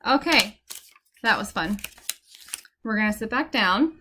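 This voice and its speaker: Young female teacher, mid-pitched, patient and encouraging, talks a student through sounds step by step. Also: animated, unhurried, pushed and bright, slight background noise. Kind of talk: one-on-one phonics lesson. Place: indoor room, recorded on a computer.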